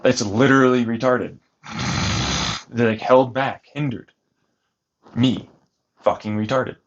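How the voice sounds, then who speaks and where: A man's voice: medium pitch, fairly even intonation, takes it slowly. Profane, mocking man on lo-fi audio. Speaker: vlogger recounting a family dispute. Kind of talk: heated argument and ranting commentary. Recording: dull lo-fi recording.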